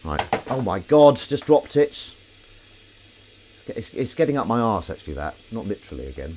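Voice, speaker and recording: A man's voice: lowish voice, very animated, normal speed, darkish tone. A man chatting casually while he does the washing up, rambling, jokey and self-mocking, with the odd swear word. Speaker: host doing the washing up on a live stream.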